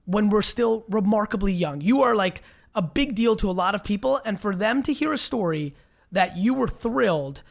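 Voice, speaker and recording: A man's voice: high voice, expressive, normal speed, creaky. A man hosting an interview show, talking bluntly and emphatically, swearing and urging his guest on. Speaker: show host. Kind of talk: energetic interview talk.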